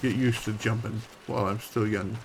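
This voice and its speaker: Relaxed wry male game streamer. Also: on the low side, normal speed, creaky, faint music behind. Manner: relaxed, wry, talks to himself. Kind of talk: casual gameplay commentary.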